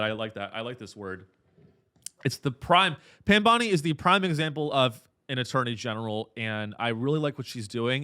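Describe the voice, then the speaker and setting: A man's voice: medium pitch, pushed and bright, no echo. A man hosting a comedy podcast, delivering a profane, ironic, rambling rant with many restarts into a close mic. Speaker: podcast host.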